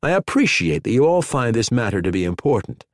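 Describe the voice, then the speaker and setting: A male narrator voicing a calm, level-spoken ship's commander. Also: medium pitch, fairly quick, no room sound, clean studio sound, close to an everyday voice.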